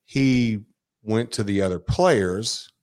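A man telling a story in casual chat, animated, swearing and acting out quotes. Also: on the low side, takes it slowly. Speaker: guest storyteller.

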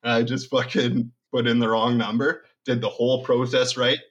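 A man's voice: mid-range voice, level tone, moderate pace, slightly rough, highs cut off. A young man in his twenties on a casual podcast chat, telling rambling, profane stories. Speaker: podcast co-host.

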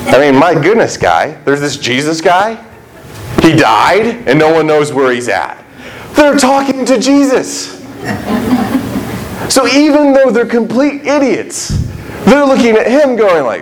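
A man preaching with a lively, swooping delivery and a fairly high voice. His tone is conversational and animated. He slips into quick character voices to tell the story. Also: slight background noise, low-quality recording. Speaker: pastor. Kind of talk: sermon.

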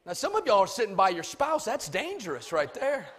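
High bright-voiced preacher man. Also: wildly swooping pitch, a little fast, slightly rough. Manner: dramatic swings from loud shouting to soft asides. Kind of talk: sermon.

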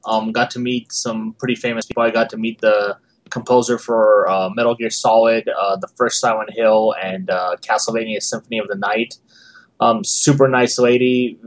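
A man's voice: fairly low pitch, moderate pace. A man guesting on a gaming podcast, casually recounting his weekend with plenty of fillers. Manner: relaxed, rambling storyteller.

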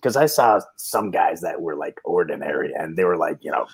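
A man co-hosting a casual chat, joking and telling a story with loud laughs. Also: low-pitched, expressive, a little fast, breathy edge. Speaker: podcast co-host.

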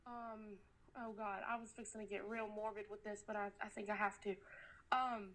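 Lady cohost, sick and winded, earnest preachy rambling, kinda high voice. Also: brisk, fairly bright tone. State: sick, out of breath. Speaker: podcast co-host. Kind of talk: casual faith talk.

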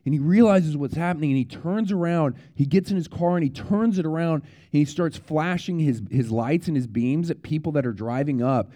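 Male pastor, children's sermon, animated storyteller, very mellow dark tone. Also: a little high, a little fast, few pauses. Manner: animated storyteller, repeats words, yells out quoted warnings.

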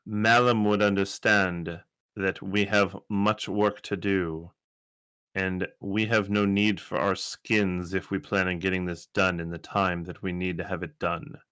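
A man voicing a cold, formal male lizard-folk overseer with a put-on accent, speaking slowly and stiffly. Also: low voice, flat delivery, fairly bright tone, clean tone, no echo, pitched below the performer's own voice. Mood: stern.

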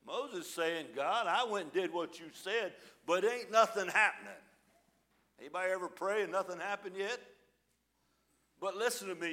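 A man preaching a sermon, reading scripture aloud with dramatic pauses and explaining it in a folksy, informal way. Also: high-pitched, lively intonation, sharp tone. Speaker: pastor.

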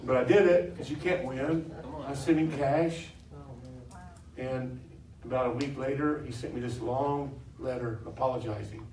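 A man preaching a sermon in a church, telling humorous stories in a conversational way and building to loud, emphatic points. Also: mid-range voice, a little slow, slight background noise. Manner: conversational storytelling, swelling to loud laughing emphasis. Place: church sanctuary with congregation. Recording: echoey live church recording from a distance.

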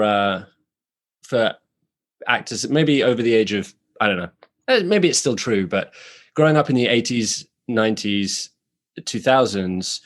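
British man, actor, chatty and reflective, ordinary pitch, rambles but stays frank. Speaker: actor, guest. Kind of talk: casual podcast conversation. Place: New York.

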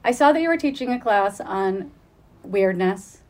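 A woman's voice: medium pitch, lively intonation, a little slow. A woman interviewing an author, talking in an enthusiastic way and laughing often. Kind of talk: casual interview.

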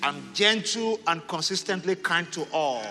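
A man pastor leading prayer and having the congregation repeat declarations after him, rising to fervent shouts. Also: a little high, lively intonation, unhurried, background noise. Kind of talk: sermon and prayer. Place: large church hall. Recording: echoing hall with music.

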